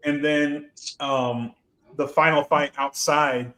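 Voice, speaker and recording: A man's voice: on the high side, flat delivery, slow pace, pushed and bright. A young man co-hosting a film podcast, laid-back and profane in casual chat. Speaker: podcast co-host.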